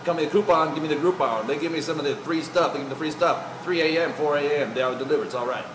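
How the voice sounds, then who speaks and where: A laid-back, stubborn burger lover shrugs off any criticism, as a man plays him. He rambles in a casual, dude-ish way. The room gives his voice a clear echo, and faint noise sits in the background. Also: on the high side, fast talker, close to an everyday voice. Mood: defiant.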